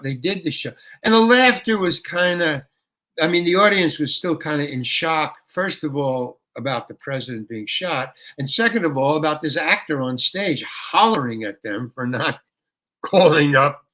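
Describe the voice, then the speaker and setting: An older man, a guest actor telling a rambling story in an interview, with restarts that break into animated ranting. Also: on the high side, moderate pace.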